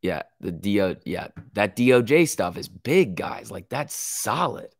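A man's voice: lowish voice, very animated, unhurried, no room sound, studio quality. A man with a sick voice hosting a live stock market stream, reading chat and reacting in casual slang. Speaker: stock market livestream host.

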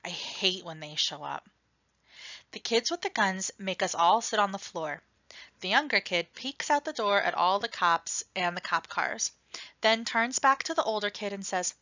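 A woman reading a novel aloud in an expressive first-person storytelling voice. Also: medium pitch, moderate pace, no room sound, muffled recording. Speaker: reader.

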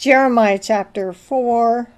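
A woman's voice: on the high side, slow, darkish tone. A woman giving an informal sermon, telling a story and exhorting listeners. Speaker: preacher. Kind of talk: informal sermon with a film anecdote.

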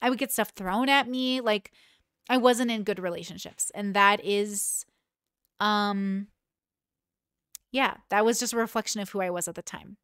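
A woman's voice: mid-range voice, a little slow, pauses often, a bit bright, clear, resonant tone, no room sound, clean studio sound. A woman in her thirties hosting a reaction commentary, talking candidly and emotionally with many restarts. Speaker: commentary host.

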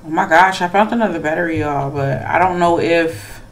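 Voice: medium pitch, normal speed, gravelly. A gamer commentating a horror game, chatty and nervous, talking back to the characters on screen and to other players. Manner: nervous, hushed asides between excited outbursts. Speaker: gamer playing horror games. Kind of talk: let's play commentary.

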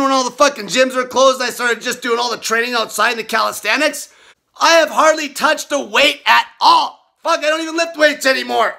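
Male fitness vlogger, very high voice, tense and sharp tone, profane shouting rants. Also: gravelly. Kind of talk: ranting vlog monologue.

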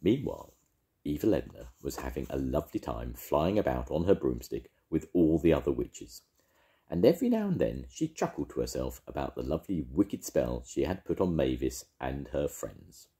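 An older man reading a children's story aloud with gentle, expressive storytelling. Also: very deep voice, normal speed.

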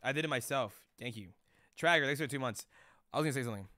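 A man's voice: mid-range voice, fast, sharp tone, no echo, clean studio sound. A young man streaming live, chatting loosely with chat in rambling, profane slang.

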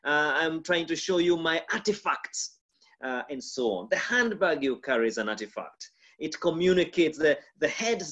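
A man with a Kenyan accent, a pastor giving a mentorship lecture on communication, demonstrative and full of pauses and shifts in volume. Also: highs cut off. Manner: lively, demonstrative, shifts volume and pitch to illustrate.

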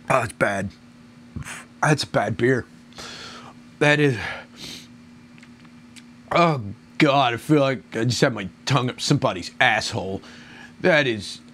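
A man's voice: medium pitch, creaky, fairly bright tone, a little hiss or hum. Groaning, crude-talking man reviewing beer. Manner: groaning, crude, rambling complaints. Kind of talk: casual solo review.

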